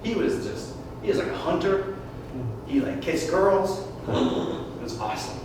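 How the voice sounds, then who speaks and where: A man from Michigan spinning profane stage stories in an animated, swooping voice that sits fairly high. He is heard from a distance in a very echoey room with steady noise behind him. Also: measured pace. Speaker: solo performer. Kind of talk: autobiographical stand-up storytelling. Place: live stage show. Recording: echoey live stage from afar, noisy.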